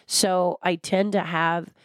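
An older woman being interviewed, talking in a passionate, blunt and animated way. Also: fairly low pitch, slow pace, smooth, no echo, clean studio sound. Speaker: guest, former theme park designer. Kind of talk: candid interview conversation.

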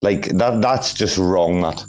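A man's voice: deep voice, slow, a little mellow. A man in his forties, rambling and swearing freely in a casual group audio chat, with frequent restarts. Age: 40s.

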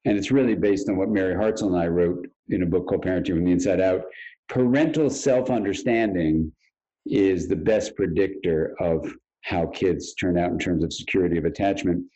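A man's voice: low-pitched, normal speed. A man, a therapist, talking as an interview guest in a conversational, storytelling way and acting out past conversations. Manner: animated storyteller who acts out past conversations in quotes. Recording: dull, lo-fi audio.

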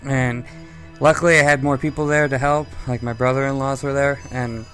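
A man's voice: medium pitch, little pitch movement, normal speed, fairly bright tone, soft background music. A man co-hosting a podcast, telling a long, rambling personal story in a conversational way. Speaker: podcast co-host. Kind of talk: casual podcast chat.

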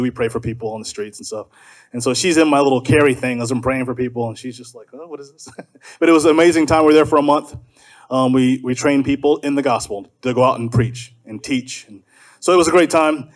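A man from South Carolina speaking fervently at a political gathering in a preacher's style, leading the crowd in call and response. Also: mid-range voice. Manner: fervent, leads call and response, shouting refrains. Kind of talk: preacher-like speech to a live audience.

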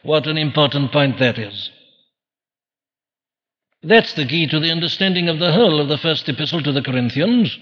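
A man's voice: on the high side, expressive, normal speed, long pauses, big-room sound, muffled recording. A man preaching a sermon earnestly, posing questions and answering them himself. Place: church.

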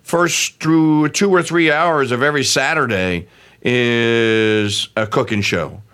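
A man co-hosting a casual radio chat, rambling and halting with many fillers. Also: mid-range voice, fairly bright tone, smooth. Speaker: radio show co-host. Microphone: earbud headset.

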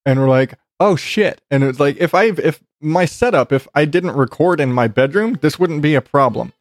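Speaking at a moderate pace in a fairly high voice, a male podcast host chats casually from his home bedroom. He laughs often, swears freely, and restarts a lot, on a dry, clean studio-quality recording.

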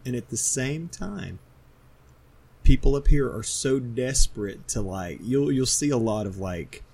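This is a man with a light Southern accent and a husky, slightly rough voice. He co-hosts a casual podcast, ranting in an animated way, and swears freely. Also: medium pitch. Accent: light Southern American. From American South. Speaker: podcast co-host. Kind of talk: casual comic book podcast chat. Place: Pittsburgh, from home.

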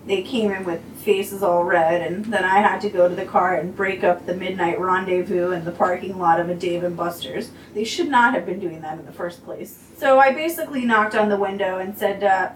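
A woman's voice: medium pitch, slight background noise. A woman who is a teacher and podcast co-host, telling a story with lots of expression and acting out what people said. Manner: expressive storyteller, acts out quoted voices. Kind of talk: casual podcast chat. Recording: echoey room, a bit distant from the mic.

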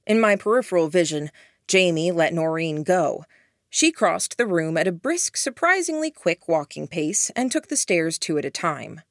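A woman narrating an audiobook in the first person in a measured, even storytelling manner. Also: on the low side, no echo, studio quality.

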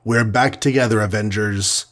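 A man voicing a giant, hot-tempered male superhero in a storybook reading, booming and roaring. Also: steady tone, moderate pace, fairly bright tone, close to an everyday voice. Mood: triumphant.

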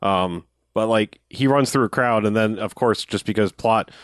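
A man in a casual chat, recapping a movie plot with lots of fillers and quick acted-out quotes. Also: on the low side, no room sound. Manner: rambling, filler-heavy, acts out quotes. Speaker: podcast co-host.

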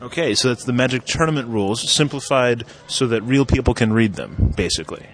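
A man conducting a relaxed interview, talking in a chatty way that is full of ums and restarts. His pitch sits in an ordinary middle range. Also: a little fast. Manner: chatty, many fillers and restarts. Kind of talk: casual interview.

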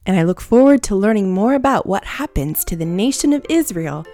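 A woman's voice: medium pitch, expressive, a little fast. A woman giving an earnest, encouraging Bible lesson for children, leading them in repeating a verse and closing with a prayer. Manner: gentle, earnest, encouraging, leads call-and-response.

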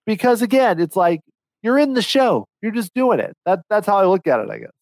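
A man co-hosting a podcast, chatting casually in an animated, rambling way with frequent restarts. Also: high-pitched, fairly quick, no room sound, poor audio. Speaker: podcast co-host. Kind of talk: casual chat.

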